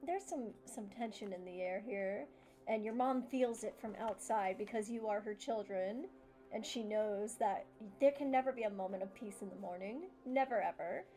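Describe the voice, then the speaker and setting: A woman narrating a tabletop game as game master, giggly and animated. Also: medium pitch, moderate pace, soft background music.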